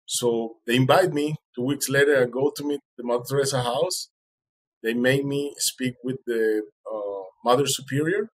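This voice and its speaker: A man's voice: medium pitch, husky, low-quality recording. A man, an interview guest, telling his story animatedly and acting out the dialogue, with non-native grammar.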